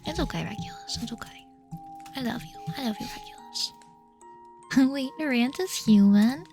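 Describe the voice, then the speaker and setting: A high-voiced woman streamer talking in a close-miked ASMR whisper, playful and doting as she answers her chat. Her tone has a gravelly fry at the edges, with faint music beneath. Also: moderate pace, long pauses. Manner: soft, doting and playful, reading chat questions aloud. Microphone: very close to the mic.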